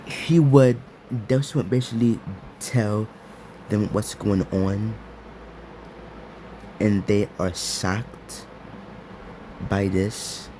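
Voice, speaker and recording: Slow, halting male storyteller. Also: fairly low pitch, steady tone, noisy background. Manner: halting, full of repeats and restarts. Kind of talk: improvised fan story narration.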